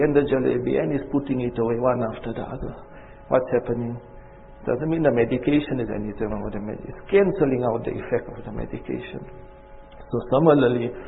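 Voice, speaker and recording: A man delivers a sermon in a gravelly, creaky voice. He races through recited verses and drives points home by repeating them. The sound is thin and phone-like, ringing with long reverb. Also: mid-range voice. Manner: repeats phrases for emphasis, recites verses quickly. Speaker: preacher.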